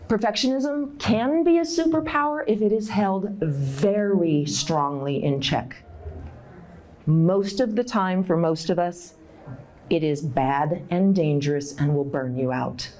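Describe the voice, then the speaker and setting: Lively, expressive woman giving a workshop talk. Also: a little slow, a little hiss or hum. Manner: animated, acts out inner voices with big pitch jumps; direct and encouraging, with laughs. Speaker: conference speaker. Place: conference room.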